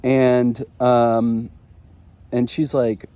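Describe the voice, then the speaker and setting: A man's voice: medium pitch, takes it slowly, warm tone. A man in his thirties hosting a marriage show, telling a personal story in a candid, confessional way with frequent ums and uhs. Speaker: marriage podcast host.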